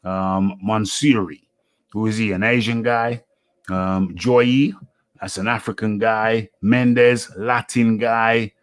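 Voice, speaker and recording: Host: man, low unhurried voice, thinking aloud with lots of ums, dry close sound. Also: steady tone, clean tone, dry recording. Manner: musing aloud, many fillers and pauses. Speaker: boxing radio host. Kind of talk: casual solo commentary.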